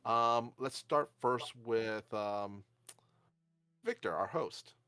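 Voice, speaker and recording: A man as game master, calmly guiding players through a tabletop game session. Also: medium pitch, extremely slow, smooth, dry recording.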